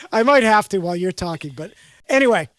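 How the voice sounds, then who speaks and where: A woman's voice: on the low side, no room sound, studio quality. A woman with a Boston accent chatting casually, a rambling storyteller who loves puns. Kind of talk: casual chat.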